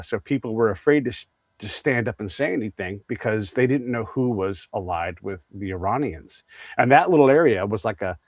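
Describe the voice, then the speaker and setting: A man hosts a conversational interview, wandering through anecdotes with frequent restarts. His voice sits at an ordinary pitch, and the recording is dry with almost no room sound. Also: a little mellow, dry recording. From United States. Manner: rambling, storytelling with many restarts. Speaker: podcast host.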